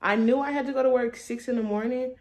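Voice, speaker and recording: A woman's voice: on the high side, steady tone, quick pace, darkish tone. A young adult woman telling a storytime vlog in a loose, profane, laughing way. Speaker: vlogger. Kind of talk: casual storytime monologue.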